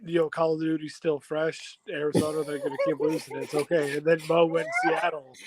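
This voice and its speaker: Slightly high-voiced teasing sports host. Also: male voice, little pitch movement, fairly quick, very noisy. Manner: storytelling, teasing. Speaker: podcast co-host. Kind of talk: casual sports banter.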